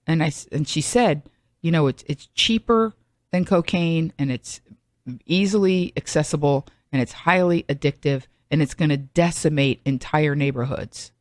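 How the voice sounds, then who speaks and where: A woman's voice: low-pitched, moderate pace, darkish tone, dry recording. Chatty woman podcast host, dry sound. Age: middle-aged. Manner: chatty, rambling, self-mocking asides. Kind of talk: solo comedic monologue.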